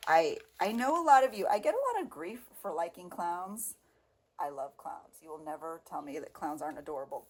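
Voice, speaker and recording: A middle-aged woman chatting through her handmade journal, gushing over pages and drifting into soft murmured asides, with uneven volume. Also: on the low side, husky. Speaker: craft vlogger. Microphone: home setup, volume uneven.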